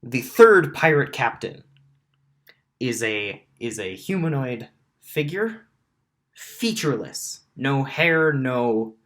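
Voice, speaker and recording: Slow halting male dungeon master. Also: mid-range voice, very animated, fairly bright tone. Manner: halting, many restarts and ums. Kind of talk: narrating a tabletop game.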